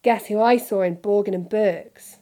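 A woman's voice: medium pitch, moderate pace, dark tone, close to an everyday voice. A woman reading aloud, voicing an earnest young boy wizard close to her own voice. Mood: plain.

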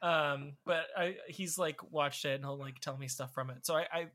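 A man's voice: fairly high pitch, moderate pace, over a noisy crowd. A man co-hosting a casual group chat, joking and playful. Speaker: co-host.

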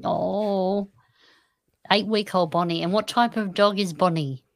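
A woman's voice: medium pitch, fairly even intonation, a little slow, vocal fry, no echo. An Australian woman hosting a podcast livestream in a chatty, upbeat way, often giggling. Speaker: podcast host. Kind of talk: casual livestream chat.

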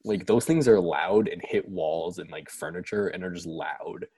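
Young male co-host, low husky voice, animated storyteller. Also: moderate pace, no room sound. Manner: animated, laughing, acts out quotes. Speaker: podcast co-host. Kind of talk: casual storytelling chat.

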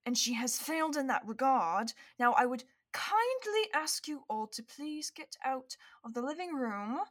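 A woman's voice: high voice, sing-song, a little slow, voice pushed up, heavily acted. A woman voicing a strict father who coldly scolds children out of bed. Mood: stern. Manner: cold, reprimanding. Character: stern strict father Lucian.

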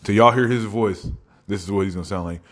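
Low-voiced man rambling through a profane comic monologue. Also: fast talker. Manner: profane, rambling storytelling with laughs. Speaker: podcast host. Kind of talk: casual comedic monologue.

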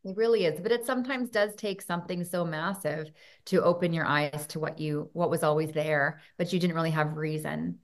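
A woman talking earnestly in an interview, telling personal stories with animated moments. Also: sits low, fairly quick. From Canada. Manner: earnest storytelling, animated when recounting signs. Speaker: guest.

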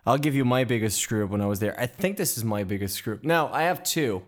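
A man hosting a casual interview and telling lively anecdotes about working as a photographer's assistant, with frequent restarts. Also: mid-range voice, fast talker. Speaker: podcast host.

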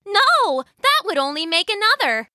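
A woman voicing a cheerful, calm middle-aged farmer wife with a sweet, matter-of-fact manner, in a storybook tale. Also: very high voice, normal speed, no room sound, studio quality, pitched above the performer's own voice, full character voice. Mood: puzzled.

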